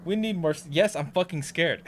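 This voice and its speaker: A man's voice: on the high side, normal speed, a little hiss or hum. A man live-streaming a horror game, chatting with viewers and yelping and swearing when scared. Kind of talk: casual live-stream chat while playing a horror game.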